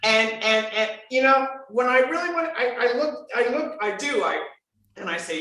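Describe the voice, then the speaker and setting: A woman voice coach in conversation on a podcast, emphatic and animated, swinging between bright exclamations and soft earnest asides. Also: on the high side, normal speed. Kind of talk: enthusiastic conversational podcast talk. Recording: very echoey room.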